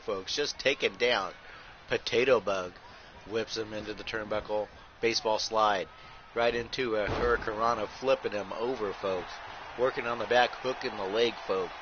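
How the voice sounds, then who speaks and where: A man calling wrestling play-by-play over a video game like a ring announcer, tacking "folks" onto almost every line and bursting into shouts at big moves. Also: lowish voice. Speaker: host and play-by-play commentator. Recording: muffled audio with steady background noise.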